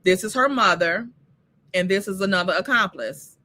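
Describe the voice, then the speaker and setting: Bright-voiced woman vlogger. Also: medium pitch, normal speed. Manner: chatty, pointing things out on screen. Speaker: commentary vlogger. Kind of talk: casual commentary.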